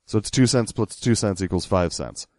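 A man's voice: fairly low pitch, animated, normal speed, a little mellow, no echo. A man co-hosting a casual podcast, explaining things in a slightly pedantic, sarcastic way. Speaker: podcast co-host.

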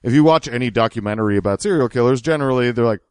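A man's voice: mid-range voice, rapid-fire, clear, resonant tone, no room sound, clean studio sound. A man hosting a podcast, wryly picking apart a clip in casual chat. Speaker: podcast host. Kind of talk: casual chat reacting to clips.

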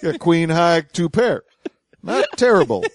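Male podcast host, lively up-and-down delivery, sarcastic, hesitant fillers, dry close sound. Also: on the high side, a little slow, no echo. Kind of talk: casual commentary chat.

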